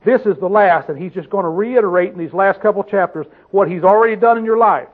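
Guy preaching a sermon, kinda high voice, sounds like a phone recording, keeps asking "right?" and "true or false?". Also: phone-quality sound. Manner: asks the listeners questions constantly, slows to stress scripture. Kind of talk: sermon, Bible teaching.

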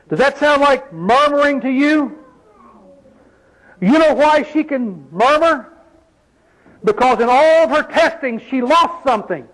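High-voiced folksy preacher man. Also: lively intonation, unhurried, long pauses, a bit bright, poor audio. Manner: emphatic, folksy preaching with rhetorical questions. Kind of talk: sermon.

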